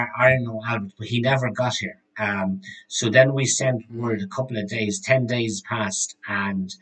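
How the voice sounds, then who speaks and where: A man's voice: on the low side, natural voice, rough recording. A man doing a rambling, gossipy frontier shopkeeper. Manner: rambling, hesitant, full of restarts. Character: chatty middle-aged male frontier shopkeeper, gossipy. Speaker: game master.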